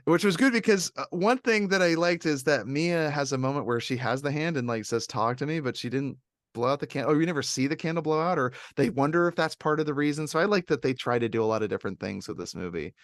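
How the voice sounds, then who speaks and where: Male podcast host, rambling and excitable, dry close sound. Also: on the high side, fast talker, no echo. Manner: animated and rambling, with many fillers. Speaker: podcast host reviewing films. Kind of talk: casual chat.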